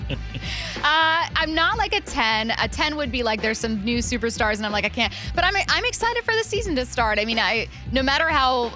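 A woman hosts sports radio in a chatty, upbeat way. Her voice is bright and clear, with faint music behind it. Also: fairly high pitch, expressive, brisk, hardly any pauses. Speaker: radio show host.

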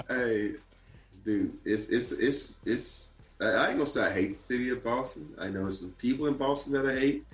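A man's voice: mid-range voice, normal speed. Guy joking around on a sports podcast, lots of stammery restarts, kinda echoey room. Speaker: podcast host. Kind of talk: casual sports banter.

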